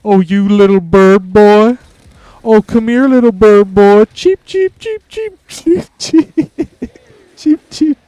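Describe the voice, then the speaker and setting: A man voicing a loud rural character who taunts a city boy in mocking sing-song. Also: sits high, lively intonation, slow, clean tone, dry recording, pitched above the performer's own voice.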